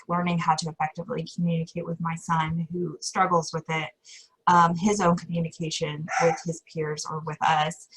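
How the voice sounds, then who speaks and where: A woman's voice: low voice, a bit bright, husky, rough recording. A middle-aged woman chatting as a guest in an interview, rambling and self-correcting with frequent laughter. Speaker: podcast guest. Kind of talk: casual interview chat.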